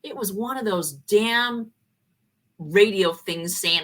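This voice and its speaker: A woman, a former college professor, telling a personal story in an animated way and acting out the dialogue. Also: mid-range voice, takes it slowly.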